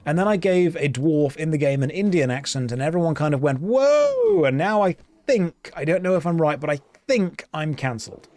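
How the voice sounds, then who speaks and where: A man's voice: fairly high pitch, fairly quick, hardly any pauses, darkish tone. An English man streaming an online game, chatting casually in a rambling, joking way while he plays. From England. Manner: rambling, joking, thinking aloud. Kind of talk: casual gameplay chat.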